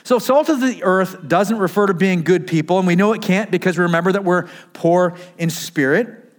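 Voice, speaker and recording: A man's voice: sits high, normal speed. Conversational man preaching a sermon. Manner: conversational, asks the congregation questions. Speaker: pastor. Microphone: wearing a mask.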